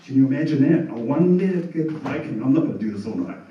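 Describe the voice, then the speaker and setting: A man's voice: medium pitch, lively intonation, fast talker, lo-fi sound. A man doing laid-back stand-up comedy, telling stories on a bar stage. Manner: laid-back storytelling, chuckles at his own jokes. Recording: echoey bar room from far off.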